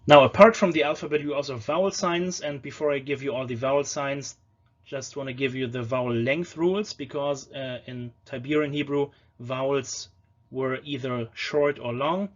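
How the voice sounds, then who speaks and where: Man slowly sounding out old words. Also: medium pitch, muffled recording. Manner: explains patiently, slows to sound out words. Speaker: language lecturer. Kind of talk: educational lecture on pronunciation.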